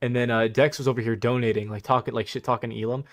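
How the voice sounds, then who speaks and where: A man's voice: medium pitch, steady tone, very fast. A young man hosting a livestream, talking casually in a mocking, laughing, slangy way. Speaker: livestream host.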